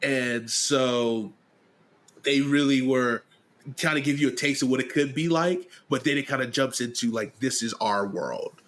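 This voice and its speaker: A man's voice: mid-range voice, a little slow, fairly bright tone. A man hosting a podcast in casual chat, recapping at length with lots of fillers. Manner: rambling, filler-heavy recap. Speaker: podcast host.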